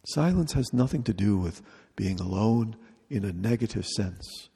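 A man with a dark, mellow, gravelly voice leads a retreat talk in a large hall. He speaks slowly and deliberately and repeats short phrases. The sound carries a long reverb from the room. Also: on the low side, expressive. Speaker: retreat leader.

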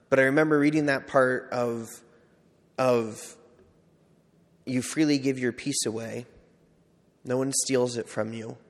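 Priest telling a story in a reverberant hall. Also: male voice, medium pitch. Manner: conversational, self-deprecating storytelling with many "like"s. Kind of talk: personal testimony talk.

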